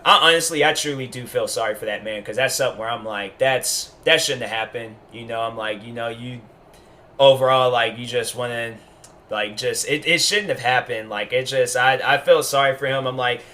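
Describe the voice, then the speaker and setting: A man's voice: mid-range voice, sharp tone. A man giving a casual commentary monologue as a YouTuber, rambling and emphatic, full of restarts.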